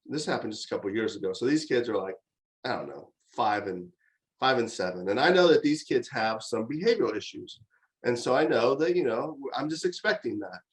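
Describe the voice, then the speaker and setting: A middle-aged man giving a conversational university lecture on parenting, telling stories in an animated way with frequent fillers and restarts. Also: mid-range voice, fairly quick, rough recording.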